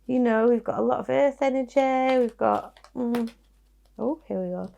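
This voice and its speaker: Yorkshire woman tarot reader, musing and reassuring, a bit of vocal fry. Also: on the high side, fairly even intonation, normal speed, warm tone. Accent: Yorkshire English. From Yorkshire, England. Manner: chatty, musing, reassuring, with small laughs and restarts. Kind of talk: casual tarot card reading.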